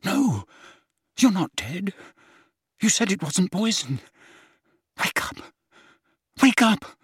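A desperate young wizard, voiced by a male audiobook narrator urges and coaxes in a strained, lifted voice. He pleads hard and fast. The sound is close and dry. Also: high-pitched, big pitch swings, fairly bright tone, breathy edge, dry recording, pitched above the performer's own voice, exaggerated voice. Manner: urgent, coaxing, pleading.

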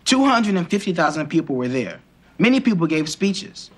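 A man's voice: a little high, very animated, normal speed. An actor playing an earnest teenage boy who reads his school report aloud and defends it to his family. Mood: reading. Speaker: son reading a school report.

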